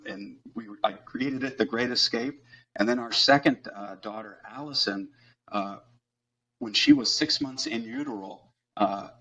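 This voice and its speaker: A middle-aged man telling a personal story as a podcast guest, earnest and halting, with frequent fillers. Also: mid-range voice, vocal fry, pushed and bright.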